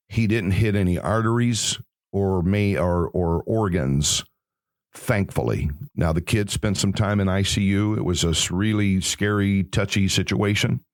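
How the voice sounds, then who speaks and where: A man's voice: low-pitched, no echo, clean studio sound. A man hosting an inspirational Christian podcast, speaking earnestly in a preacherly way and drawing words out. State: emotional. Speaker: podcast host.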